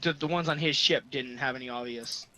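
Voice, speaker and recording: A man's voice: medium pitch, brisk, pushed and bright, rough recording. A man playing a tabletop game, pressing the game master with persistent, probing questions. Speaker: player. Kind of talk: casual tabletop game chat.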